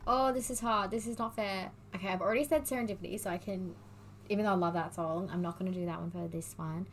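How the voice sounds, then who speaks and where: Young woman, casual quiz vlogger, excitable and chatty, mid pitch, faint background noise. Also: quick pace. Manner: excitable, gushing, breaks into bits of song. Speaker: vlogger doing online quizzes. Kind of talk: casual chat while reading quiz questions aloud.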